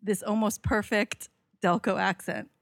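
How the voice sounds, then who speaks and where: Woman from the Philly area, mid-pitch, dry mic, explains plainly. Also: steady tone, a little slow, no room sound. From Philadelphia area. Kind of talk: casual chat.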